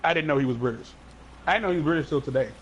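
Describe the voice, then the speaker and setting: A man's voice: fairly high pitch, rapid-fire, dull audio, slight background noise. A man co-hosting a casual chat, rambling and joking with many fillers. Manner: rambling, filler-heavy, jokey. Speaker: podcast co-host.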